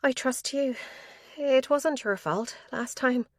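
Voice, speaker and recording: A fragile young woman worn down by grief, tearful and hesitant, as a woman narrator puts her on. Her voice sits higher and softer than the narration. The recording is close and dry, like a studio audiobook. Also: slow, no echo, full character voice. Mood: grieving.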